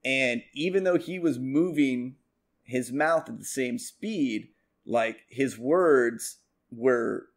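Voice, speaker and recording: A man's voice: medium pitch, slow pace. A young American man from the United States co-hosting a podcast in casual chat, rambling and swearing with lots of fillers. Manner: rambling, profane, with many fillers. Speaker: podcast co-host.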